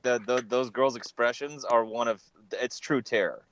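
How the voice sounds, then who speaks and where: A man's voice: medium pitch, moderate pace, a little hiss or hum, low-quality recording. A man on a casual live-stream group chat, joking and laughing as he retells clips.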